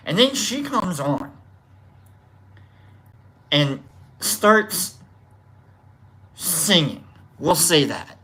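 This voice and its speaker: Rambling animated storyteller host. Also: medium pitch, extremely slow, long pauses. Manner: rambling, animated, acts out scenes with shouts. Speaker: show host. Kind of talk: casual storytelling.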